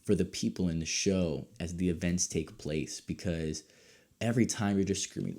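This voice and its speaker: A young man hosting his own show, reviewing a series in a casual, excitable way that swings from low mutters to loud outbursts. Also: normal speed. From United States. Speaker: podcast host reviewing a show.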